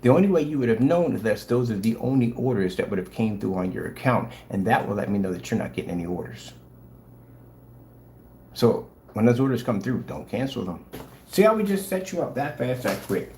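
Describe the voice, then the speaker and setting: A man's voice: medium pitch, expressive, fairly quick, a little mellow. A man hosting a livestream, ranting at his chat in a sarcastic, taunting way and daring viewers to answer. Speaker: livestream host selling projector screen paint. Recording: roomy room echo, faint hum.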